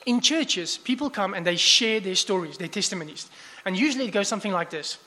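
High-voiced man preaching in an echoing hall. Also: brisk. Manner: conversational, many restarts, animated asides. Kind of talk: sermon. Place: church hall. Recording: long hall reverb.

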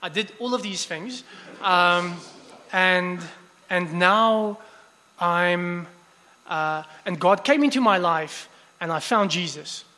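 A man voicing an earnest American man giving his church testimony, listing what he did in a loud, flat run. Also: sits high, takes it slowly, long reverb tail, exaggerated voice.

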